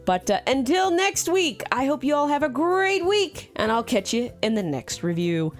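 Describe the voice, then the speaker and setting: A woman hosting a movie review vlog, chatty and animated with casual fillers. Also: high voice, normal speed, faint music behind.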